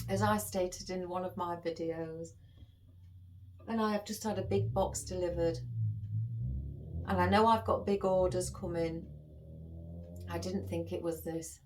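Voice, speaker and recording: A woman's voice: fairly low pitch, background noise. A woman florist chatting to her viewers in a casual vlog, emotional and holding back tears. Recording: voice a bit far from the mic.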